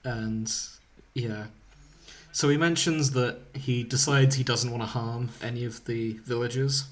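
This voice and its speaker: A man's voice: medium pitch, steady tone, measured pace. Laughing man recapping a story. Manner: laughs often, paraphrases the story with dry asides. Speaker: podcast co-host. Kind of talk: casual chat, reading a fan fiction aloud.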